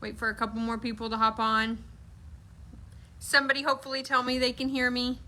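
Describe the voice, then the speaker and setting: A woman opens a company livestream in a casual, upbeat way, greeting viewers by name. Her voice is high and bright, with plenty of fillers along the way.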